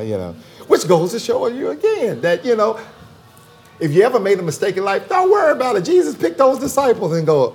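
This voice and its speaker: A man's voice: high-pitched, sing-song, moderate pace, darkish tone, faint music behind. A man, a theologian guest in a conversational interview, talking emphatically and repeating phrases for rhythm.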